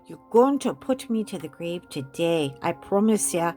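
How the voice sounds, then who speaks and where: A woman's voice: on the low side, big pitch swings, measured pace, a little mellow, faint music behind, pitched below the performer's own voice. A woman voicing a furious middle-aged mother who scolds and repeats herself. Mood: furious scolding.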